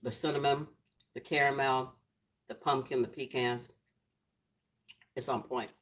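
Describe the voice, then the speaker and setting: A middle-aged woman with a very deep voice hosts a casual home cooking livestream, chatting affectionately with viewers in the comments. Her intonation stays fairly even and her pace is measured. She's at home under a ring light.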